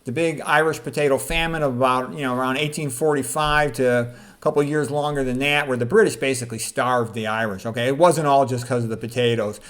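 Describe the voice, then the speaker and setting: A man's voice: medium pitch, fairly even intonation, a little fast, a bit bright. A male doctor reading aloud from his own book in a casual way, with spoken asides to the listener. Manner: chatty, asks listeners "okay?" and "all right?".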